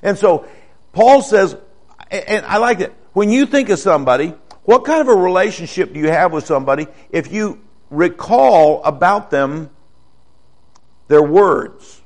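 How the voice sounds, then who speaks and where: Older guy preaching, chatty, keeps asking the folks questions, a bit high-pitched. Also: expressive, measured pace. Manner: folksy, asks the congregation questions. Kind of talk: conversational sermon.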